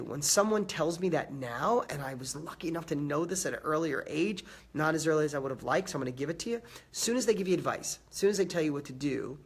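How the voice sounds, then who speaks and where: A man with a slightly hoarse, raspy voice from a cold, giving an emphatic live motivational talk, stacking repeated phrases and greeting viewers by name. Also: on the high side. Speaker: motivational host.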